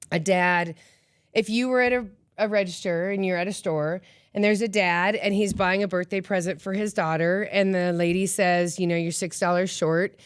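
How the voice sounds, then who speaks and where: A middle-aged woman radio host from Colorado, talking in a chatty, animated way. She laughs often and acts out what people say. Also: mid-range voice, smooth, no room sound, clean studio sound. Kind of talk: casual chat.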